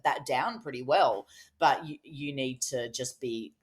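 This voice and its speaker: A woman's voice: extremely low pitch, unhurried. A woman co-hosting a podcast in casual chat who laughs often and restarts her sentences. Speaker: podcast co-host.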